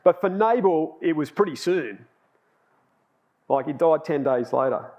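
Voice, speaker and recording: A man's voice: fairly high pitch, expressive, measured pace, a little mellow. A man giving a sermon, telling personal stories in a chatty way and laughing at himself. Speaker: lay preacher.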